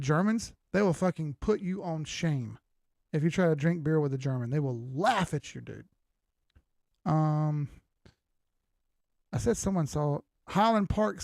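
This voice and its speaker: With a fairly high, slightly mellow voice and some vocal fry, an older man runs a crypto livestream. He swears casually and reads out comments from viewers. The recording is clean studio sound with no echo.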